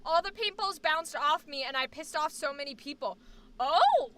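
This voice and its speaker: High in pitch and moderate in pace, the voice comes from a woman who acts and streams. Casually chatting live with her viewers, she rambles in an animated, joking way.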